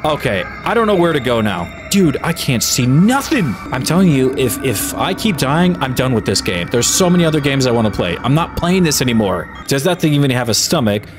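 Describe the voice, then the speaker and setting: A man commentating his own horror game playthrough, getting exasperated and shouting when things go wrong. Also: medium pitch, big pitch swings, brisk, hardly any pauses. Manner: exasperated, yelling in frustration. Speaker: gaming YouTuber. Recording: game music behind voice. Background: game music.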